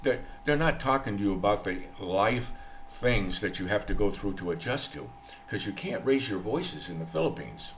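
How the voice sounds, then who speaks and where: A man's voice: lowish voice, expressive, normal speed, slight background noise. A man from the United States, older, talking in a rambling, opinionated vlog monologue and repeating himself. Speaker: vlogger. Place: in the Philippines.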